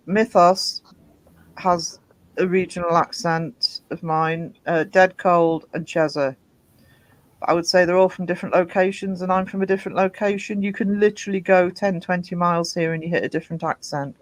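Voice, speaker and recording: High-voiced man, halting chat. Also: no echo, poor audio. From Britain. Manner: halting, lots of ums and restarts. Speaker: host. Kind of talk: casual livestream chat.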